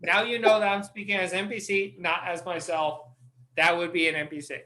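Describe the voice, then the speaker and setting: Bright-voiced man explaining game rules. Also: sits high. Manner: animated, swears freely, talks in quick restarts. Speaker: dungeon master and podcast host. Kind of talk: casual podcast chat.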